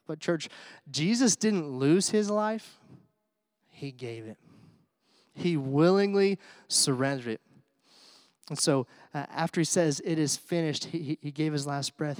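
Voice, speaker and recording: A man preaching an Easter sermon in a conversational way, with asides and fillers, swinging from hushed to excited. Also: on the high side, no room sound, studio quality. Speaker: pastor.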